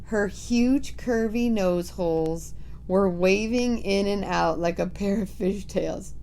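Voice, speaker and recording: A woman's voice: mid-range voice, slow pace, a little mellow, slight background noise. A woman reading a storybook aloud, narrating vividly in the first person.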